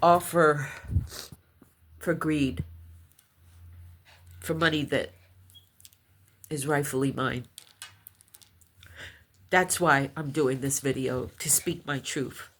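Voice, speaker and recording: Slow-talking middle-aged woman storyteller. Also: low-pitched, fairly even intonation, slight background noise. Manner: slow, heartfelt, intense retelling. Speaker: vlogger. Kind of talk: emotional personal storytelling.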